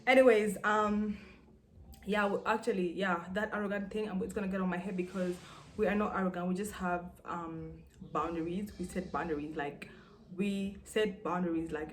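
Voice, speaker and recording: A woman's voice: mid-range voice, steady tone, normal speed, a little hiss or hum. A young woman from Sudan, chatting to camera in a rambling, emphatic way. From South Sudan. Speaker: vlogger. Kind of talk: casual talk to camera.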